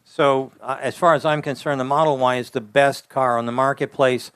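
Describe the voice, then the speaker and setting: An older man, an automotive engineering expert, giving blunt, folksy interview answers and getting animated when he tells a story. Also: mid-range voice, a little fast, clean tone, no echo.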